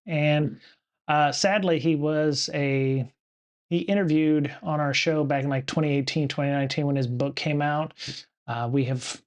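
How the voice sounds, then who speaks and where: A man's voice: fairly high pitch, steady tone, a little slow. A man hosting a casual livestream show, rambling with lots of fillers and restarts from a home studio. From United States. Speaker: podcast host.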